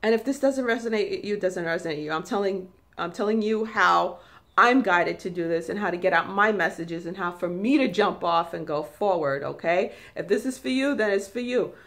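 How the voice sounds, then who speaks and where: A woman with a New York accent giving an emphatic spiritual talk, repeating herself and rising into high, forceful tones. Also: brisk. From New York City. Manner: emphatic, repetitive, high-pitched bursts. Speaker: spiritual channel host.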